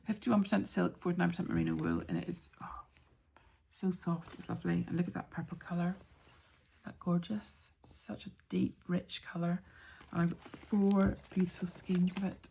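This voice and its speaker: A woman hosting a craft podcast, chatting casually with many ums and soft asides as she shows yarn and patterns. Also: fairly low pitch, animated, moderate pace, creaky, husky.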